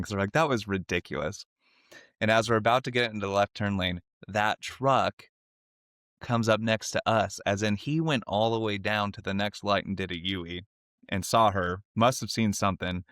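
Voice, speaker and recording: Here the same kind of podcast co-host spins a story over casual conversation, putting on high voices for quoted lines and laughing a lot. His animated telling comes through a dry, clean studio recording.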